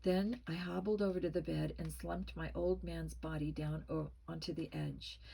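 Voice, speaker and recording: A woman narrating a spooky children's story with a tense, expressive reading. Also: deep voice, moderate pace, creaky, slightly rough, low-quality recording. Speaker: storybook reader.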